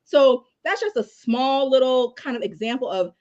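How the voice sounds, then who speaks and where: A woman criminal law attorney, a guest telling stories in a casual, animated way with many fillers. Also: high voice, moderate pace, highs cut off. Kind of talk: casual storytelling in a live discussion.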